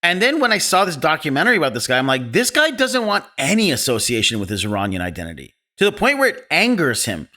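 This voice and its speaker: Podcast host, male, bright tone, animated and opinionated storyteller. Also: a little high, fast talker, few pauses. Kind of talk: casual film discussion.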